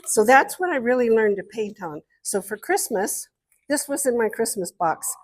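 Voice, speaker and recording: An older woman and guest artist speaking to an art club, telling lively stories and showing objects as she talks. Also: a little high, normal speed. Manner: lively storyteller, showing objects while talking. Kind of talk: storytelling talk to an art club.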